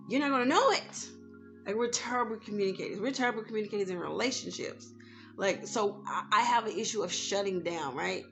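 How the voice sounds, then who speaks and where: A woman vlogger talking candidly in a casual advice vlog, growing loud and heated as she rants. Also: medium pitch, vocal fry. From United States. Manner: candid, animated, rising to loud outbursts when ranting.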